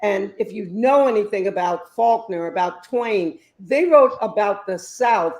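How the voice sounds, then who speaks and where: Expressive woman author in her fifties. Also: medium pitch, unhurried. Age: 50s. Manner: expressive, emphatic storyteller. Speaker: author and guest. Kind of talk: interview answers.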